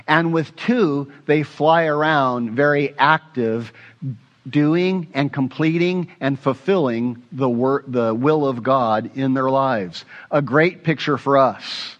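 A man's voice: mid-range voice, takes it slowly. Male pastor preaching expressively, muffled sound. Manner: asks the congregation questions. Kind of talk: sermon.

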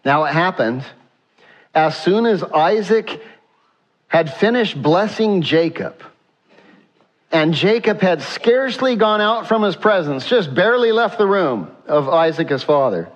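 A male pastor preaching a sermon, animated and asking rhetorical questions, slowing down for emphasis. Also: a little high, dull audio.

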